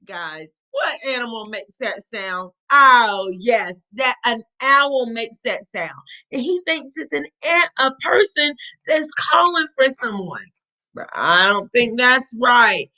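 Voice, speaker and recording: A woman reading a children's storybook aloud, animated and often asking her young listeners questions. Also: high-pitched, slow pace, poor audio.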